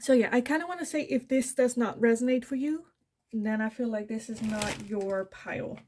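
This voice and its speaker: Over slight background noise, a Dutch woman from the Netherlands offers a pick-a-card tarot reading in a voice on the high side, at a moderate pace. The tarot reader speaks with a Dutch accent, thinking out loud and revising as she goes. Soft fillers dot her speech.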